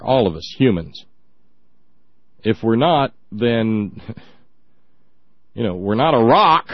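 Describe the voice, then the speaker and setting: His medium-pitched voice comes through a dry, dull lo-fi recording. He's hosting a talk show, making fun of the clips he plays with sarcastic remarks, laughter, and silly voices.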